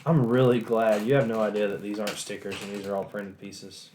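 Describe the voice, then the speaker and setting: A man's voice: lowish voice, steady tone, brisk. A man chatting casually while building a model set, teasing his friend in a dry way. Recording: noisy background.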